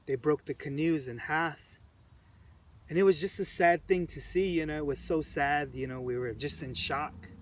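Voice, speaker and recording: A man recounting events to the camera in an earnest, halting way, repeating phrases, his voice emotional and choked up. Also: a little high. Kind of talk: personal storytelling to camera. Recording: distant mic with faint background noise.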